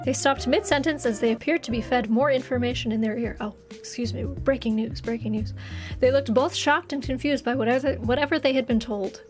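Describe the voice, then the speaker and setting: Woman streamer, reads a visual novel aloud, playful exclamations, high pitch, faint music. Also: fairly quick. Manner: giggly, chatty asides and playful exclamations.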